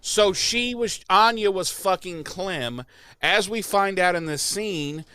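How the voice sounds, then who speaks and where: A man's voice: high voice, slow pace, sharp tone, clear, resonant tone, no room sound. A young adult man co-hosting a podcast, recapping an episode in casual, profane chat and acting out quotes in exaggerated voices. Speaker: podcast co-host.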